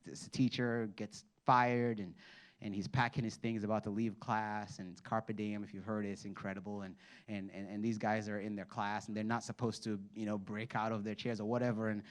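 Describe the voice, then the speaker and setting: A young adult male pastor giving a casual, animated sermon, often repeating and restarting words as he tells stories. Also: a little fast. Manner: animated, rises high when acting out stories.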